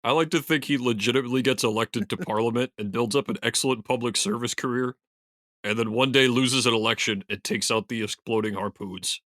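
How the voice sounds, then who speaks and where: A man's voice: medium pitch, a little fast, a bit bright, no room sound, clean studio sound. A man co-hosting a comedy podcast in casual chat, riffing on jokes and laughing often. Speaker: podcast co-host.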